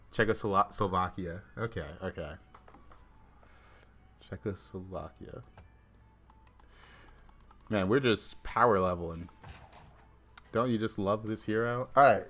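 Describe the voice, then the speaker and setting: Forceful and bright, his voice sitting on the low side, a young streamer plays a card game and talks it through. He keeps things laid-back and chatty, reading his chat and responding to it mid-game.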